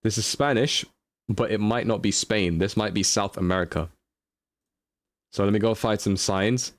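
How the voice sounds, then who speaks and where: A man's voice: lowish voice, moderate pace, dry recording. A young man streaming live, chatting casually as he thinks aloud through a guessing game and answers his chat.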